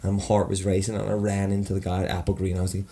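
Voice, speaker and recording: A man co-hosting a podcast, telling a story in casual, animated chat, swearing and acting out quotes. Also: low-pitched, rapid-fire, vocal fry, slight background noise. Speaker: podcast co-host.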